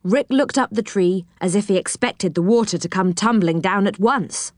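A woman narrating a children's storybook in a gentle, expressive manner. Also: medium pitch, moderate pace, dry recording, studio quality.

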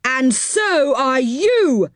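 Storybook figure: a woman playing a bossy, furious man yelling threats, lively high pitch. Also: measured pace, no echo, clean studio sound. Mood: angry. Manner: loud scolding, high-pitched yells. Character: angry bossy grown-up man, shouting threats.

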